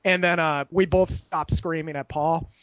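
A man's voice: fairly high pitch, a little slow, no room sound, highs cut off. A young man telling a rambling, profane story in casual chat, laughing as he goes. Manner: animated, profane, laughs while telling stories.

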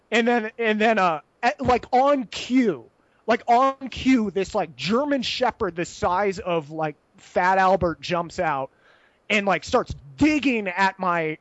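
A high-voiced man rambles through a long story, swearing freely and ending his lines with "right?". He acts out the other people in the story. The sound is dry and a little muffled. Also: dry recording. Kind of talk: casual anecdote telling.

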